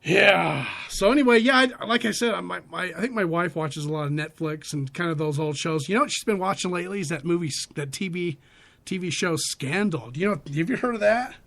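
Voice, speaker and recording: High bright-voiced rambling radio host man. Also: gravelly. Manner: loose, rambling, quick to laugh. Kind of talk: casual radio banter.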